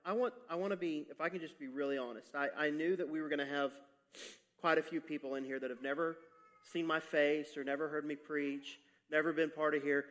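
A male pastor preaching a candid sermon to his church, talking haltingly with many restarts and building in intensity. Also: on the high side, steady tone, fairly bright tone. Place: church sanctuary.

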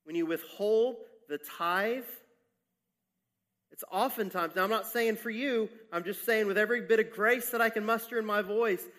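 A male pastor preaching a candid sermon to his church, talking haltingly with many restarts and building in intensity. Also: sits high, expressive, a bit bright. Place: church sanctuary.

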